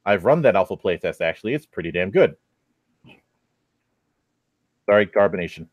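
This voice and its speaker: A man's voice: low-pitched, animated, fast talker, no room sound. A man hosting a casual podcast, reading a review aloud and mocking it with crude sarcasm. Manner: sarcastic, profane, heckles as he reads.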